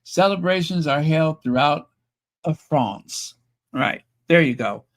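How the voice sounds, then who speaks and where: Man, slightly high voice, slow unhurried delivery, sarcastic live-stream commentary, chatty asides. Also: animated. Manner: reads reports then adds sarcastic asides; chatty, with fillers and self-corrections. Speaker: YouTube royal news host. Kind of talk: live-stream commentary reading news and chat.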